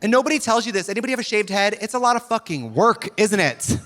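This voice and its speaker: Campy high-voiced drag comedian on stage. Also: male voice, expressive, quick pace. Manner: campy, sardonic, mocking quoted voices. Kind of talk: stand-up comedy. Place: live comedy venue with audience laughing. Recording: live show with loud crowd noise.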